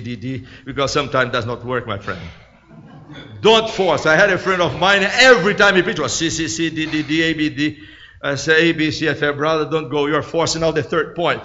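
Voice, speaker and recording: A male guest preacher delivering a sermon in slightly broken English. He moves between loud, emphatic proclaiming and quiet asides. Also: sits high. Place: church. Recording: echoey, dull church recording.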